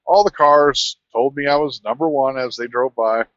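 A man, a truck driver, telling a rambling, animated anecdote in casual conversation. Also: mid-range voice, normal speed, no echo, muffled recording. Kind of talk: casual storytelling.

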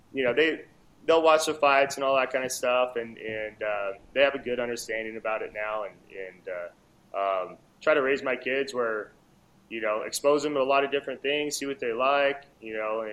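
A man in his thirties talks easily about home life, looping back with fillers and restarts as he goes. His voice sits at an ordinary middle pitch, neither deep nor high, and he keeps an unhurried, conversational pace. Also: poor audio. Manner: relaxed, rambling, many fillers and restarts. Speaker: guest, MMA fighter. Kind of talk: casual interview chat.

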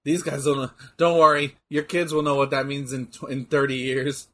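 A young man casually chatting and joking while watching a wrestling match, loud and excitable. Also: medium pitch, moderate pace. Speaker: co-host.

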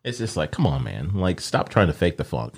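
A man's voice: low-pitched, sing-song, fairly quick. A man in casual chat, blunt and swearing freely as he swaps stories.

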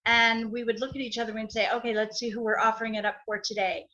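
A middle-aged woman, a podcast guest, answering in a soft-spoken, earnest way with pauses. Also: fairly high pitch, little pitch movement. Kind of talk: heartfelt interview answers. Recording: dull, muffled audio.

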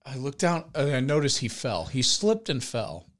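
A young man casually telling a crude story on a podcast, laughing and shouting out the lines he quotes. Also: mid-range voice, very animated, moderate pace, slight background noise. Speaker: podcast co-host.

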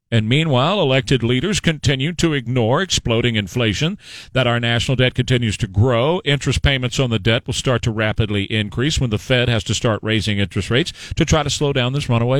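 A man's voice: medium pitch, fairly bright tone, no echo. Sarcastic talk radio man, dry studio. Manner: combative and sarcastic, mocking voices of others. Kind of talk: opinionated talk radio commentary.

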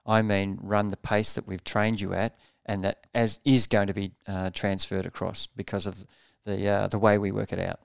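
A man's voice: on the low side, little pitch movement, moderate pace, creaky, clean tone, dry recording, clean studio sound. A man coaching triathletes in a podcast interview, explaining pace earnestly and repeating words as he thinks.

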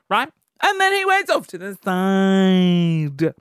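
A man's voice: high voice, takes it slowly, clean tone, no room sound, studio quality. A young man ranting comically to camera, acting out little scenes in other people's voices. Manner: animated, mimics people in acted-out quotes. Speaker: vlogger.

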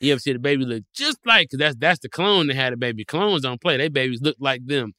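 Animated man spinning playful theories. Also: medium pitch, fast, no echo, studio quality. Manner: animated, playful storytelling with exaggerated quoted voices. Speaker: guest. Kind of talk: casual comedic conversation.

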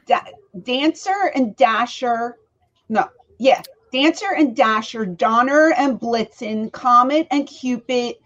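A woman co-hosting a podcast in casual chat, animated, laughing easily and trailing off mid-sentence. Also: fairly high pitch, takes it slowly, muffled recording. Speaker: podcast co-host.

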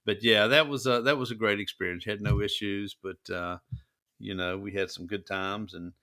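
A man's voice: on the low side, fairly even intonation, normal speed, sharp tone. A middle-aged man chatting with his adult son, encouraging and fatherly as he recalls family trips. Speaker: father and co-host. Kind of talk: casual chat with his son.

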